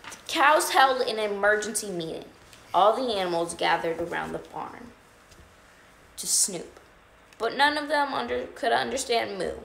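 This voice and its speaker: A woman reading a children's picture book aloud on a storytime livestream, expressive and playful. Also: medium pitch, measured pace, creaky. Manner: expressive read-aloud with funny animal sounds and asides. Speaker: storytime reader. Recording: echoey room, faint background noise.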